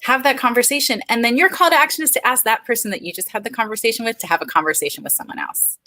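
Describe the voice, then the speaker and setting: A woman's voice: a little high, very fast, pushed and bright, low-quality recording. A woman in her forties, a speech-language pathologist, speaking frankly and earnestly as an interview guest. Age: 40s. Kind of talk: candid interview talk.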